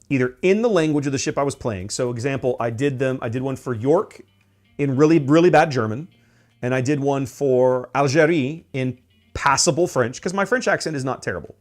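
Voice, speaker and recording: A man chatting casually on a stream as he paints miniatures, rambling with many fillers and restarts. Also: medium pitch.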